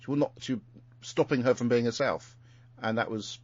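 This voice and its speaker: A man's voice: medium pitch, normal speed, darkish tone, no echo. A man hosting a podcast, casually recapping an episode in a rambling way with lots of fillers and restarts. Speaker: podcast host. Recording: muffled lo-fi recording.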